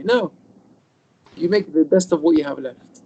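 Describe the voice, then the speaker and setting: Man, rabbi, Torah lesson over video call, high pitched, gravelly texture. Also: unhurried, pauses often, highs cut off, slight background noise. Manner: animated storyteller, acts out quoted dialogue, mixes in Hebrew terms. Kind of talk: informal Torah lesson with storytelling.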